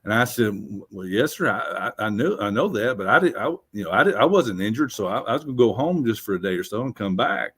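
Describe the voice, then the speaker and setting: A man's voice: lowish voice, big pitch swings, fast, few pauses, fairly bright tone, slightly rough. A man, telling a rambling, folksy story as a guest. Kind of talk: casual storytelling.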